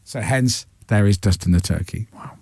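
A man hosting a radio breakfast show, telling stories in a chatty, animated way into a studio microphone. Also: fairly low pitch, vocal fry, breathy edge, no echo. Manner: chatty storyteller, quick and animated. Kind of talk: casual studio chat.

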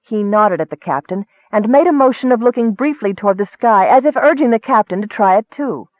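A man narrating a fantasy story in steady storytelling, lifting his voice for action. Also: sits high, fairly quick, no echo. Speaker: audiobook narrator. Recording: dry, tinny phone-like sound.

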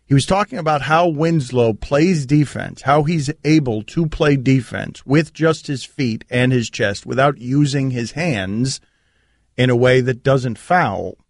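A man hosting sports talk radio, riffing in an animated way on a studio mic. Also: medium pitch, unhurried, dry recording.

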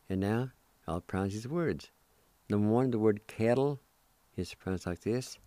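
A man's voice: fairly low pitch, expressive, moderate pace, mellow, no room sound. A man hosting a radio language lesson, patiently spelling words out letter by letter and repeating them. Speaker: radio host teaching Cherokee.

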